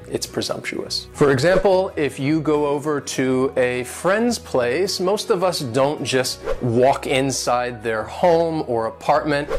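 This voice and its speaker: Man teaching vocabulary over soft guitar. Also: mid-range voice. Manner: slow, careful pronunciation of each word; friendly, mildly joking tone. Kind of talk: online English lesson.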